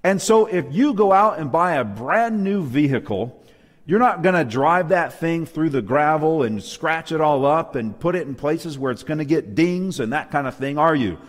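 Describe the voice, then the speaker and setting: A man with a higher, animated voice preaches at normal speed in a large church hall, addressing a live audience with emphasis and asking them questions.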